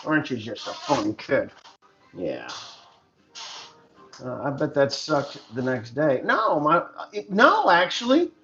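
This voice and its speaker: A man's voice: a little high, huge pitch swings, takes it slowly, long pauses, bright, forceful tone, faint music behind. A middle-aged man from the United States, a farmer telling rambling, joking stories on his livestream. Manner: chatty, joking storyteller. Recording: dull lo-fi sound with faint noise.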